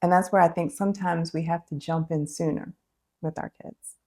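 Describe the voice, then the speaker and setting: Woman, counselor guest, low pitch, gravelly, husky, affirming chat. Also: fairly even intonation, normal speed, warm tone. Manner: affirming, frequent agreeing interjections. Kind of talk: casual conversation.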